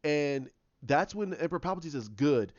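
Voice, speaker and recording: Rambling, higher-voiced man. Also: expressive, moderate pace, no room sound, dull audio. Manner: rambling, with many restarts. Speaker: fan commentator. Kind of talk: casual fan retelling.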